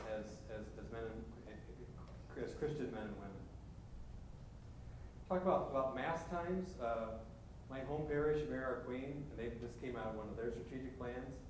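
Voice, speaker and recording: Echoey distant pastor addressing parish leaders. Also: male voice. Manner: halting, many restarts and "right?" asides. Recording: echoey hall from far off, faint rumble.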